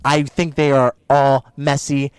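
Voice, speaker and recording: A man co-hosting a podcast in casual chat, talking in an excitable, gushing way with quick asides, a little out of breath from the heat. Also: medium pitch, clean tone, no room sound. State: hot and short of breath. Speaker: podcast co-host.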